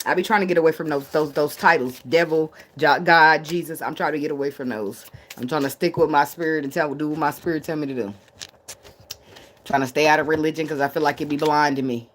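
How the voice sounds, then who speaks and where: A woman's voice: sits low, fairly even intonation, fairly quick, slight background noise. A woman giving a casual livestream tarot reading, blunt and profane, often breaking into laughs. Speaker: tarot reader.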